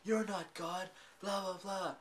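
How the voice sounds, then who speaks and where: A heated young woman doctor, raised well above the man's own voice, firing off scolding questions. The tone is bright and sharp, emotional and indignant throughout. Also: sits high, fairly even intonation, takes it slowly, pitched above the performer's own voice.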